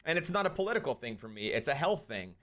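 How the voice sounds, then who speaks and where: A young man hosting a live stream, ranting and commenting on a clip, swinging between loud outbursts and quieter asides. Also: medium pitch, very animated, fast talker. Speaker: streamer host.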